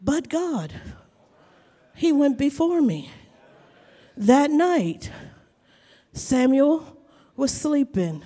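A woman's voice: sits high, sing-song, very slow, long pauses, warm tone. A woman preaching a fervent sermon testimony, telling the story and breaking into repeated hallelujahs in a church hall. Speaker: preacher and Bible college teacher. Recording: long reverb of a large hall.

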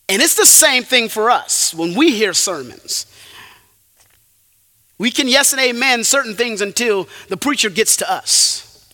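A man delivers a sermon in a bright, high voice that climbs and dips with wide, lively swings. He presses his points hard, then drops low for asides. His words ring out with the long reverb of a hall. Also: a little slow. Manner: emphatic, rises and drops sharply for effect. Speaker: preacher.

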